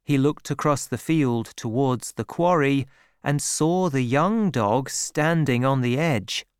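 Slow, clear male storybook narrator. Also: medium pitch, dry recording, studio quality. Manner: slow, clear, expressive reading. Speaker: audiobook narrator.

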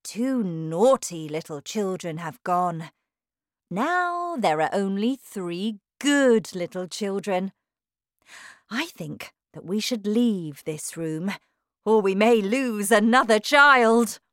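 A woman voicing a brisk, eccentric grown man who runs a chocolate factory. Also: medium pitch, expressive, dry recording, studio quality. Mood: worried.

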